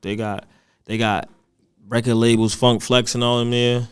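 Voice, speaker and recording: A man's voice: medium pitch, little pitch movement, moderate pace, clean tone. Young man, rapper guest, loose slangy storyteller. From Boston. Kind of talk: casual chat.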